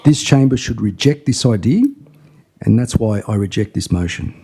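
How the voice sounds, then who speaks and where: A man delivers a forceful council speech, piling up repeated phrases to drive each point home. His voice is mellow and somewhat husky. He speaks into a desk microphone in a council chamber. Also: fairly low pitch, expressive, normal speed. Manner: impassioned, rhetorical, repetitive argument.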